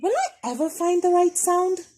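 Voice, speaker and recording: A woman's voice: very high-pitched, animated, moderate pace, darkish tone, pitched above the performer's own voice, low-quality recording. A woman voicing a determined young girl in a storybook read-aloud. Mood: curious.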